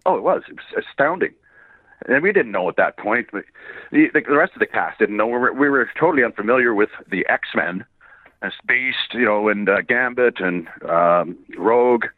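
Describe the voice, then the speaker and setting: A man's voice: fairly low pitch, animated, normal speed, no room sound. A man from Canada, a voice actor guest, telling rambling anecdotes with frequent chuckles in a casual interview. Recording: tinny phone-like line, dry.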